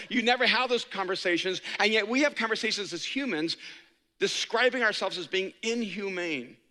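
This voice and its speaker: A man's voice: high voice, bright, forceful tone. A man giving an inspirational talk to an audience in a humorous, preacherly, dynamic way. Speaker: speaker. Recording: echoey hall reverb.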